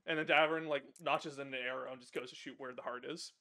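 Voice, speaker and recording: A man's voice: mid-range voice, steady tone, fast, bright, forceful tone. A man playing in a tabletop role-playing game, casually narrating what his character does and swearing freely. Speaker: player.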